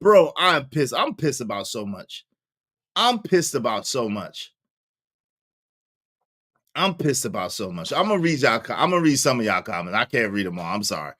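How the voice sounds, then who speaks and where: A man doing casual livestream reaction commentary, animated and profane, laughing often and repeating himself for emphasis. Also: mid-range voice, moderate pace, pauses often, dry recording, studio quality.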